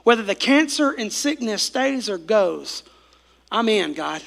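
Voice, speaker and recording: Hoarse, animated preacher man. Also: high voice, measured pace. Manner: animated preaching, swings from loud to hushed. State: voice worn from preaching. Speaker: pastor. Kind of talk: sermon.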